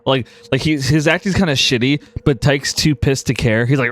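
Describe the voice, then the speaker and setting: A man's voice: medium pitch, brisk, hardly any pauses, fairly bright tone, dry recording. A man narrating a tabletop game as game master in a casual manner, full of fillers.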